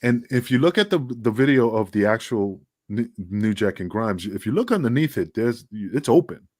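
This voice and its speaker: A man's voice: lowish voice, lively intonation, moderate pace, darkish tone, dry recording, studio quality. A middle-aged man, a wrestling guest, telling a story in casual chat, acting out quotes and swearing freely.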